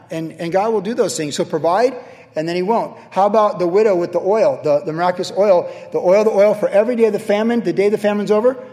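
High-voiced pastor preaching in a reverberant hall. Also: male voice. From California. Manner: animated storytelling with sudden jumps in pitch and volume. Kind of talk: sermon. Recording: long reverb from a large hall.

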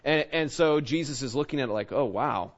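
A man's voice: fairly high pitch, quick pace, muffled recording. A male pastor giving a conversational Bible-teaching sermon, asking his listeners rhetorical questions.

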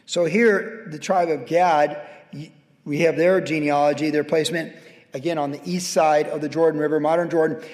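A man's voice: a little high, fairly even intonation, moderate pace, a little mellow. A middle-aged man, a pastor preaching a conversational sermon that rises to emphatic exhortation, in a church sanctuary. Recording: long hall reverb.

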